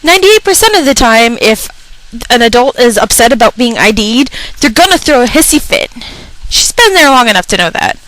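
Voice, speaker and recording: A woman's voice: on the high side, animated, normal speed, fairly bright tone, low-quality recording. A young woman radio personality telling a comedic, profane rant about retail customers, acting out the people in her stories. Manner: exasperated, profane, acts out customers.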